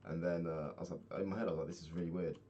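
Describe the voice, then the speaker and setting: Low-voiced young man rambling casually. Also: steady tone, very fast, dark tone, dull audio, slight background noise. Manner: rambling, swears freely, laughs often. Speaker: vlogger. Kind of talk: casual video-diary chat while gaming.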